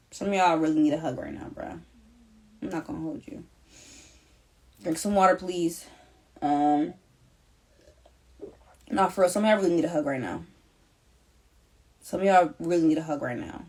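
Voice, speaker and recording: A young woman with a low-pitched voice gives a live collective tarot reading at normal speed, pausing often. She talks emphatically and emotionally, using slang and repeating herself.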